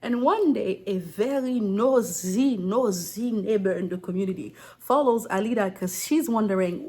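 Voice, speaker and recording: A woman retells a folktale in a chatty, slangy vlog style, stopping often for joking asides to her viewers. Her voice sits at an ordinary pitch for a woman. She sounds relaxed and unscripted. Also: normal speed, few pauses. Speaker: folktale storyteller. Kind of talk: casual storytelling vlog.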